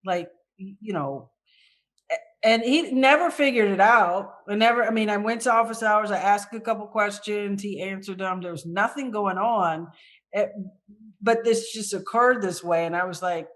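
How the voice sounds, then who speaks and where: Woman guest telling a lively personal story. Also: medium pitch, moderate pace. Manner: animated, reenacts her own past thoughts.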